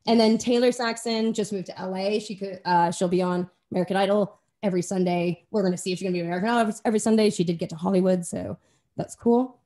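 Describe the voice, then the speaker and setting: A woman's voice: mid-range voice, steady tone, quick pace, warm tone. A young woman chatting casually as a radio guest, bubbly and rambling, with jokey asides. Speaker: guest, band singer and music manager. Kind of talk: casual radio interview chat.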